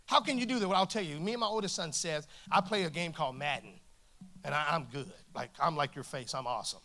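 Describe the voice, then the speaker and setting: A man in his forties preaching a humorous sermon in a church, lively and jokey, acting out the dialogue in his stories. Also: a little high, quick pace. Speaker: guest preacher. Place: church stage before a congregation.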